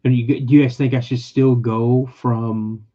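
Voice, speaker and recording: A man's voice: mid-range voice, little pitch movement, measured pace, dark tone, lo-fi sound. A man hosting a casual livestream podcast, rambling and emotional, often repeating himself as he tells personal stories. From California. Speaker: podcast host.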